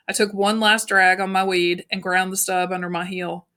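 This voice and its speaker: A woman reading a novel aloud in an even, unhurried narration with small slips. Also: lowish voice, clear, resonant tone. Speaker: audiobook narrator.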